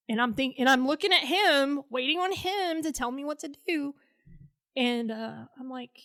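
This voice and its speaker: A woman's voice: sits high, normal speed, fairly bright tone. A woman guest telling a personal story in an interview, blunt and profane, acting out the dialogue she quotes. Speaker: podcast guest, Navy veteran.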